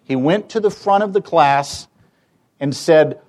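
Animated man with a raised voice. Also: fairly high pitch, measured pace. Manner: animated, rhetorical questions, wry humor. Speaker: public speaker and campus debater. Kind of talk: persuasive public talk to an audience.

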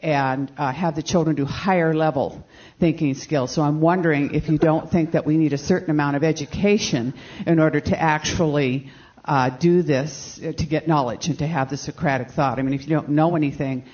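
Man with a higher voice asking a long question from the crowd, dull lo-fi sound. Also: fairly even intonation, a little fast, darkish tone, breathy edge. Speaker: audience member asking a question. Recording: dull lo-fi recording.

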